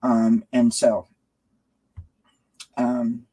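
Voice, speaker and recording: A woman's voice: extremely low pitch, completely flat delivery, drawn-out words, mellow, slightly rough, rough recording. Chatty lady in her 40s on a live stream at home, lots of "you know", coos at her cats. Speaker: tarot channel host.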